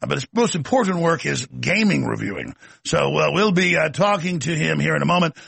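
Ranting male talk host, raspy and dry, close to the mic. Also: fairly high pitch, lively intonation, fairly quick, a bit bright, dry recording. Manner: ranting, sarcastic. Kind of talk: opinionated monologue.

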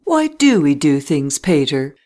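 A reader voicing a jolly young widow who speaks in high, distinct, teasing tones in a storybook reading. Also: very animated, unhurried, darkish tone.

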